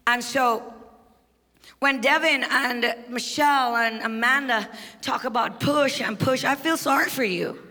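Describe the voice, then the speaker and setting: Trinidadian woman preacher, high bright voice, swings from hushed asides to shouted testimony, long church-hall reverb. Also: a little slow. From Trinidad and Tobago. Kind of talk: sermon. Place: large church hall on stage.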